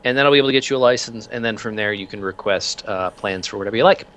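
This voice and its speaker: A man's voice: lowish voice, very fast, a bit bright, close to an everyday voice. A man voicing a polite female city hall clerk in a tabletop game. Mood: businesslike.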